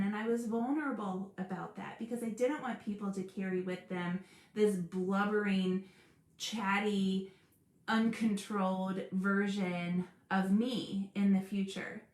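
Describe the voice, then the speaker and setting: A woman hosting a live stream about school support teams, earnest and animated, laughing often as she talks. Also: medium pitch, unhurried, echoey room. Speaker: special education advocate hosting a live stream. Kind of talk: casual live-stream talk.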